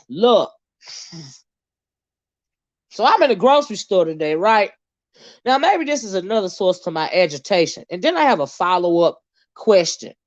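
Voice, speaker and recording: A woman hosting a live stream, ranting at her viewers in a heated, profane way, flaring into loud outbursts and dropping to low muttered asides. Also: no room sound, lo-fi sound.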